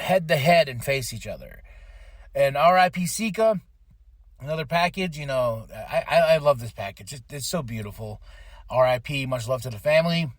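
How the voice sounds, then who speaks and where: A man with a somewhat high voice recaps wrestling in a loose, opinionated podcast chat. He keeps slipping into quick acted-out quotes. The sound is dry and close, with no room at all. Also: a bit bright, no room sound. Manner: chatty, opinionated, acts out quotes. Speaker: podcast host.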